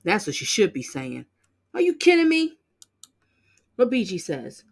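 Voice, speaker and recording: A woman hosting a channel, reacting bluntly and loudly to court clips in casual commentary. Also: mid-range voice, a little slow, creaky, long pauses, slightly rough. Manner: animated, exclaiming, sassy and blunt.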